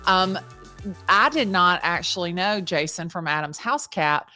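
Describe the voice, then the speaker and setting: Excitable Southern woman hosting. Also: fairly low pitch, measured pace, soft background music. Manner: excitable, storytelling, Southern "y'all". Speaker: podcast host. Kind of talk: casual interview chat.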